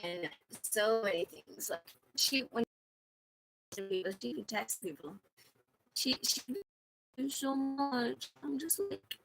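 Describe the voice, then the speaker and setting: A woman's voice: fairly high pitch, slow, long pauses, bright, forceful tone, low-quality recording. A young woman on a livestream reading chat messages aloud and telling a story in a sarcastic, complaining way.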